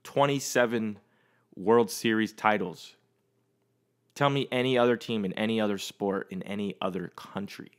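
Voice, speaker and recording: A man hosting his own podcast, chatting alone in a loose, rambling way with plenty of swearing. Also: fairly low pitch. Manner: rambling, profane, easygoing. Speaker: podcast host. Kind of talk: casual solo chat.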